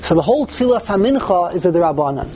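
A Torah teacher gives a Talmudic-style lecture in a high, warm voice, speaking fast and very animatedly over a slight hiss or hum. He blends English with Hebrew and Yiddish terms, his voice rising sharply on key points.

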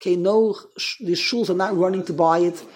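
A man with a high, slightly rough voice speaks in a steady tone, a little fast. He's teaching an informal Torah class to a small group, chatty and rambling, frequently interrupting himself and restarting sentences.

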